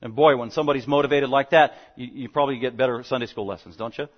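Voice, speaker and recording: A man preaching an expository sermon, animated and fast-talking, swinging between loud emphasis and quiet asides. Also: medium pitch. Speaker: pastor. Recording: dull lo-fi sound.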